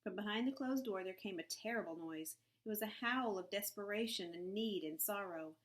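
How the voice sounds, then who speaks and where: Woman audiobook narrator, measured and expressive, mid-pitched. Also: poor audio. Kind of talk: scripted narration.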